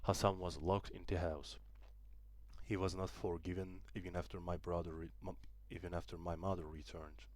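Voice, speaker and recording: Deep-voiced young man reading a story. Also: flat delivery, moderate pace, darkish tone. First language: Turkish. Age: young adult. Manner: careful reading with small restarts. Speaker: student narrator. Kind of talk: audiobook narration.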